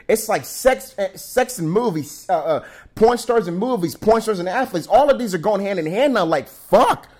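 Animated man ranting with indignation. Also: high-pitched. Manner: animated, indignant, profane rant with many restarts. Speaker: commentary host. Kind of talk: casual opinion commentary.

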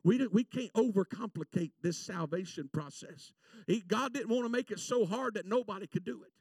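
A preacher man with a high voice full of gravelly fry, preaching with fervor. He slips into folksy stories and slows right down on scripture. The voice is picked up from a distance from the mic, with a dry, dead sound. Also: a little mellow, no room sound. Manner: fervent, folksy storytelling, drawing out scripture slowly. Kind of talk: sermon.

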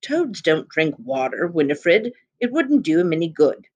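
A woman voicing a fussy old grandmother who speaks slowly and with distaste. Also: lowish voice, big pitch swings, darkish tone. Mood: disapproving.

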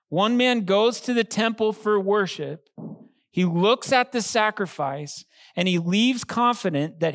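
A man, a pastor, preaching a sermon in an earnest, emphatic way, slowing down to stress key phrases. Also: a little high, dry recording.

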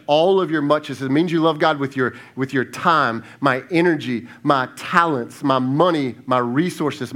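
Male pastor, medium pitch, preaches casually to his congregation and goes hushed on the heartfelt questions. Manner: conversational preaching, rhetorical questions, repeats words; softens to a hushed tone for reflective questions. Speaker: lead pastor. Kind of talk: sermon.

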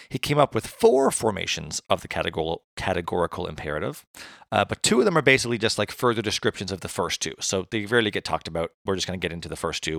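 Gravelly man explaining philosophy. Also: on the low side, no room sound, clean studio sound. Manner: animated, self-deprecating, stumbles over hard words. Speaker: podcast co-host. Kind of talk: casual explanatory chat.

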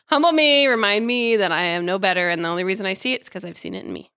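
Bright-voiced woman chatting on a podcast, lively, laughs a lot, dry sound. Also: mid-range voice, fast talker, clean tone, dry recording. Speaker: podcast guest. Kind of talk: casual chat.

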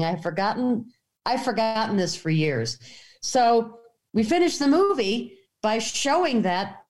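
A woman filmmaker telling a story in conversation, acting out the dialogue with animated pitch jumps. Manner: animated, acts out quoted dialogue. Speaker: documentary filmmaker.

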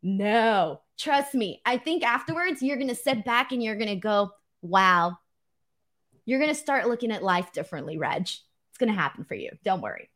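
Animated woman podcast co-host. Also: on the high side, fairly quick. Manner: animated, laughs often, reads viewer comments aloud. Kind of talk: casual wrestling podcast chat.

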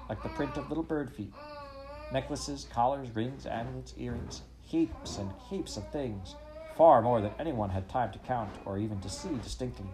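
A man narrating a children's story in an expressive, measured reading. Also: mid-range voice, low-quality recording. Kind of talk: audiobook storytelling.

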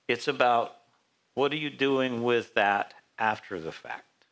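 A pastor leads a midweek Bible study in a relaxed, conversational sermon. His voice is bright and forward, and he keeps asking the group what each verse promises. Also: mid-range voice, normal speed. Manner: conversational, asks the congregation questions.

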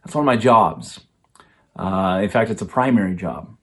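A man's voice: low-pitched, expressive, normal speed. A man, a pastor preaching a sermon in a conversational way, often restarting phrases and using fillers.

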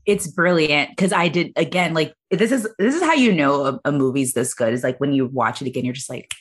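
A woman hosting a casual movie review podcast, talking with animated swings into playful impressions. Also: a little fast, slightly rough. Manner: animated, slips into high-pitched impressions. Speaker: podcast host.

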